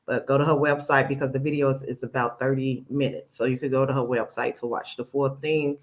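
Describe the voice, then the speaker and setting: A commentary channel host speaks at a medium pitch with a flat, brisk delivery, and the audio is poor. He keeps things casual and chatty, quoting another person's words and picking them apart as he reacts.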